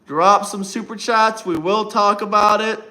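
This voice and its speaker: A man's voice: sits high, fairly even intonation, unhurried, sharp tone. A man hosting a casual livestream, talking to his chat and teasing viewers in a mocking way. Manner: mocking, taunting chat banter. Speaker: livestream host.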